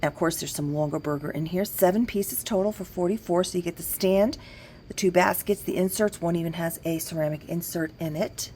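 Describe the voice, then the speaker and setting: A woman's voice: lowish voice, fairly quick, darkish tone, a little hiss or hum. A woman who owns an antique shop, walking through it casually, chatting about items and working out discounts aloud. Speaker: antique shop owner showing items for sale. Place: indoors in a large antique shop.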